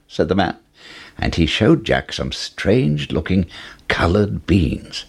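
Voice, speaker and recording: A man narrating a fairy tale in an expressive storytelling manner. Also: low voice, takes it slowly, gravelly, slightly rough.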